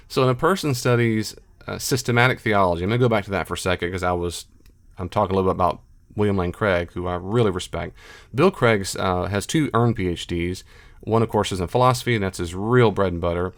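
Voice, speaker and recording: A middle-aged man speaking as a biblical scholar in an unscripted monologue, emphatic and repetitive, with animated asides. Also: lowish voice.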